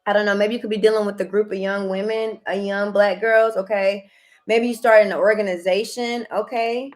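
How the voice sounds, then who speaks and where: A woman giving a casual tarot reading to viewers, chatty, often repeating "heavy emphasis" and "okay," with bursts of excitement. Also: medium pitch, normal speed. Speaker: tarot reader.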